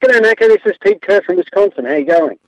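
A man's voice: high voice, expressive, quick pace, no echo. Man calling in over a muffled line. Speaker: caller. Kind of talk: phone-in chat.

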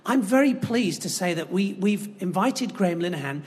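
This is a man with a somewhat high voice, speaking on a stage panel. He is eager and breaks his sentences up with ums and uhs. The sound carries a long hall reverb. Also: expressive, moderate pace. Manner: enthusiastic, hesitant with fillers. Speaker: comedy course organiser.

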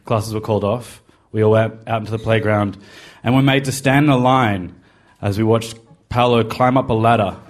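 A man with an ordinary mid-range voice tells a personal confession in a wry, self-deprecating way. His storytelling is conversational but shaped for listeners. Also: medium pitch. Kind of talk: personal story told to a live podcast.

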